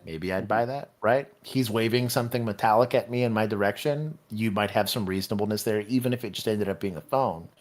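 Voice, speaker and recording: A middle-aged man with a Texan accent co-hosts a livestream and breaks down police footage in a low voice. He thinks out loud, restarts his sentences and laughs easily, and the animation keeps coming through. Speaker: podcast co-host, former police officer. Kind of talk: casual livestream commentary.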